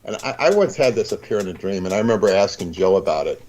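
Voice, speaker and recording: A man talking as a guest in a casual conversation, rambling and halting, with many restarts. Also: sits low, animated, a little mellow, slight background noise, poor audio.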